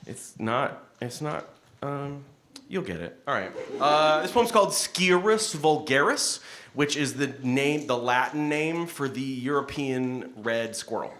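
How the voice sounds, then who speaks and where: A man's voice: mid-range voice, lively intonation, measured pace, fairly bright tone, slight background noise. A male poet reading his spoken word poems live, with rambling, self-deprecating, laughing asides between them. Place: event hall with audience. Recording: echoey hall.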